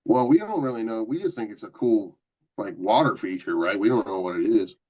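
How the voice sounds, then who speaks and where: A man's voice: lowish voice, brisk, breathy edge. A middle-aged man, a paranormal investigator, telling a long personal story in a casual, rambling way with lots of quoted asides. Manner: rambling, animated anecdotes with many quoted asides. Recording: dull lo-fi podcast audio.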